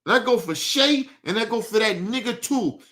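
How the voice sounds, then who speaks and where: A man's voice: sits high, expressive, normal speed, bright, forceful tone. A young man on a livestream, ranting heatedly and profanely, repeating himself as he vents. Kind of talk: livestream rant.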